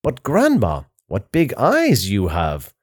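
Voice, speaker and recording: A man voicing an innocent, curious little girl in a storybook, in a high, wide-eyed voice. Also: huge pitch swings, takes it slowly, breathy edge, heavily acted. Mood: puzzled.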